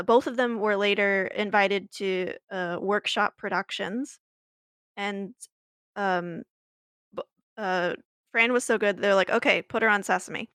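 A woman's voice: medium pitch, fairly bright tone, clear, resonant tone, no echo, clean studio sound. Chatty woman telling a story. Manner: chatty, laughing, many fillers and restarts. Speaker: podcast co-host. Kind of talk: casual chat, storytelling.

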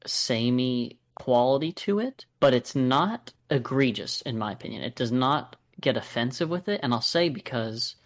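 Rambling American man reviewing an album. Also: mid-range voice. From United States. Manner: rambling, many fillers and restarts. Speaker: podcast co-host. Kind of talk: casual review chat.

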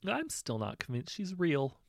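A man's voice: fairly high pitch, wildly swooping pitch, unhurried, creaky, no room sound, studio quality, voice pushed up, heavily acted. A man voicing a blunt, skeptical woman who mocks the prince. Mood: mocking.

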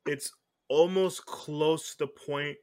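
A fairly high-pitched man talks slowly and in a steady tone while hosting a podcast. The conversation is casual, and he rambles, corrects himself and restarts sentences again and again.

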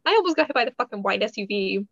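A woman co-hosting a podcast, telling a story in a rambling, animated casual way and laughing as she goes. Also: mid-range voice, rapid-fire, gravelly, no room sound, highs cut off. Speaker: podcast co-host.

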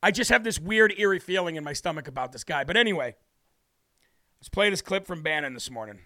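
A man's voice: on the high side, animated, a little fast, bright, forceful tone, no room sound. An American man hosting a political talk show, brashly ranting and heatedly mocking officials with opinionated commentary.

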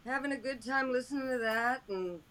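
A man co-hosting a podcast, venting in a loud, exasperated, casual way. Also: very high voice, a little fast, noisy background. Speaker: podcast co-host.

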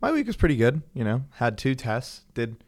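A man's voice: mid-range voice, very animated, normal speed. A young man hosting a casual podcast chat, upbeat and joking, with lots of ums. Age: young adult. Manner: upbeat, joking, many fillers. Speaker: podcast host.

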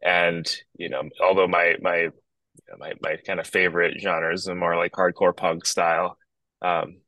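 Deep-voiced man chatting on a video call. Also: moderate pace, dry recording, rough recording. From Northern Ontario, Canada. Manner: relaxed, rambling with many restarts. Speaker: guest musician. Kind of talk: casual podcast chat. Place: outdoors in his backyard.

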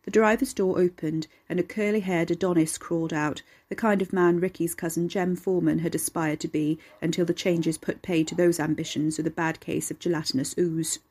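A woman, reading a dark story aloud at a steady, measured pace. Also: on the low side. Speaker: narrator. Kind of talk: storytelling narration.

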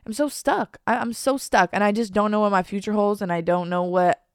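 On her own podcast, a young woman chats casually and confessionally, looping back with restarts and fillers and tossing in slang like "bro." Her mid-range voice is clean-toned, fairly quick, and fairly even in intonation. It's a clean studio recording without echo.

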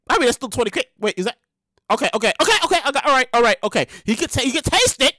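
Animated, high-voiced slangy show host. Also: rapid-fire, no room sound, clean studio sound. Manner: animated, rambling, repeats lines, curses freely; slangy, conversational delivery. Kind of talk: casual celebrity news commentary.

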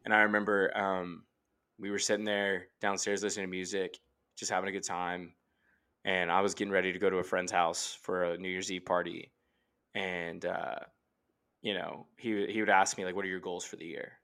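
A man's voice: deep voice, flat delivery, moderate pace, sharp tone, smooth. A man in his late twenties, a podcast guest telling a personal story in a rambling, earnest way full of "like" fillers. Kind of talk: casual storytelling. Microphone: remote call microphone.

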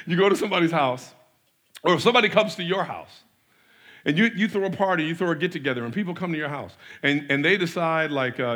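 A man preaching a sermon as pastor, animated, with repeated restarts, often acting out quoted voices. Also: fairly high pitch, fairly quick.

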